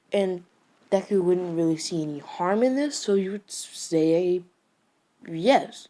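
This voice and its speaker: A woman's voice: on the low side, measured pace, warm tone. A woman improvising a casual story, rambling and hesitant with many restarts. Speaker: fan storyteller.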